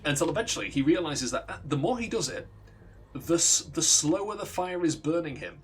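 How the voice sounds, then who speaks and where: A man's voice: on the high side, very animated, normal speed. A young man streaming, casually telling a long backstory, profane and often restarting his sentences. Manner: rambling, profane, self-interrupting. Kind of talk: casual storytelling on a livestream.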